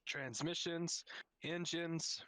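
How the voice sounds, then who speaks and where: A man, a working mechanic, speaks as a podcast guest and explains car repair in relaxed, plain terms. His voice is bright and forward, recorded close with no room sound. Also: a little high, drawn-out words, no echo. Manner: laid-back, matter-of-fact slang. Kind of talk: casual chat.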